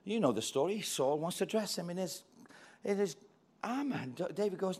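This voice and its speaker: Animated preacher, lively pitch. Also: male voice, moderate pace, husky. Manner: animated storytelling, acting out voices with big swings from quiet to loud. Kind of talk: sermon.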